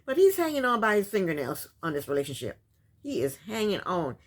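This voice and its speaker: A woman's voice: medium pitch, sing-song, brisk. A woman casually recapping a reality show, chatty and sassy, often breaking into laughs.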